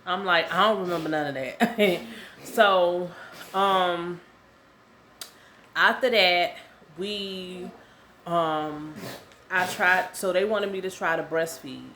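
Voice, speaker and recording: Young woman, low voice, chatty storytelling, faint background noise. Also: takes it slowly, pauses often, sharp tone. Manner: chatty, repeats herself, lots of "um" and "y'all". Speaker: vlogger. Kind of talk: casual storytelling to camera.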